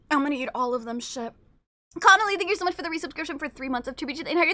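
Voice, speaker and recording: A young woman streamer chatting casually with her viewers, excitable and gushing, swearing freely. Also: high-pitched, quick pace, faint music behind. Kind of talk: casual live-stream chat.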